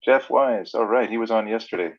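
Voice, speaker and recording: A man from Canada hosting a casual livestream chat, easygoing and halting, with lots of fillers. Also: fairly low pitch. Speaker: livestream host. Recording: muffled lo-fi audio.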